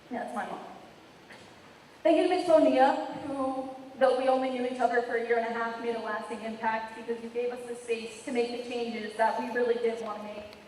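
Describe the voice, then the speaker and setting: Captured from a distance in an echoey large hall, with slight background noise, a teen senior class president delivers her graduation address. Her slightly high, somewhat mellow voice wavers as she apologizes and laughs through tears.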